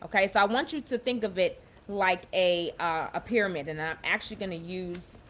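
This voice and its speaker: A young woman giving a casual motivational talk, emphatic and warm, often repeating and restarting her phrases as she explains. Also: lowish voice, brisk. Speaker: self-empowerment speaker.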